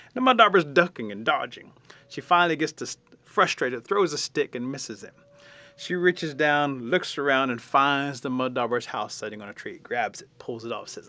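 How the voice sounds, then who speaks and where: A middle-aged man telling a traditional folk tale in a folksy, colloquial, lively way. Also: medium pitch, a little fast. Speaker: storyteller.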